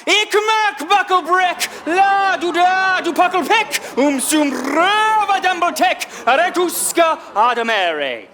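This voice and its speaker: A babbling street puppet with a bucket on its head, chanting nonsense verses in a slow, loud sing-song. The voice sits far higher than a normal man's and stretches every syllable. Stage-play acting with a strange, thin timbre. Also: big pitch swings, noisy background, full character voice. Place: theatre stage.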